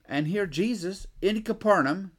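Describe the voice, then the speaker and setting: A man's voice: high-pitched, a little slow. A man preaching a sermon, thinking aloud, with rhetorical questions and frequent restarts. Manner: acts out the scribes' objections.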